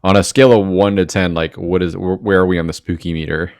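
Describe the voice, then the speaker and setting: A man hosts a casual podcast, talking in a chatty, teasing way and throwing questions to the others. His voice is very low with a gravelly fry, and the sound is dry and close. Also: fairly even intonation, fast talker, darkish tone, no echo. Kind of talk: casual chat.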